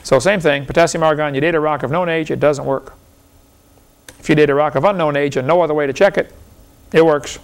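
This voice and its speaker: Male seminar speaker, pitched a bit high, argumentative and folksy with a chuckle. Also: steady tone, fairly quick, clean tone. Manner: folksy, argumentative, fires rhetorical questions, chuckles often. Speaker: seminar lecturer. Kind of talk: lecture to a live audience.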